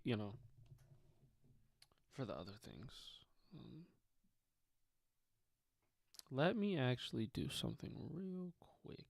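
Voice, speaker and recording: A man's voice: medium pitch, vocal fry, dry recording, studio quality. Rambling, profane male sports streamer. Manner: rambling, profane, many fillers. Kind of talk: casual live-stream chat.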